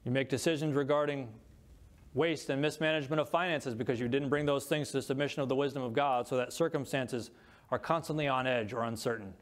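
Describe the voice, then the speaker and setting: A man's voice: medium pitch, fairly even intonation, quick pace. A pastor preaching a sermon, reading scripture aloud and stressing each word when he lists things.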